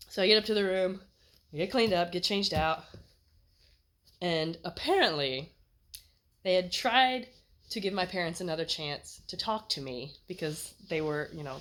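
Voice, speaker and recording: A young American woman telling a personal story in a chatty, animated way, laughing as she goes. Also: fairly low pitch. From United States. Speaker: vlogger. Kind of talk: casual storytelling.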